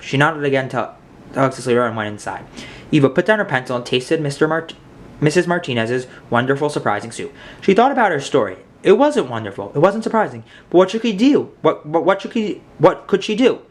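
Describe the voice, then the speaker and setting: Animated man reading a picture book aloud. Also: on the high side, fairly quick. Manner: animated, expressive storytelling. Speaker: read-aloud narrator.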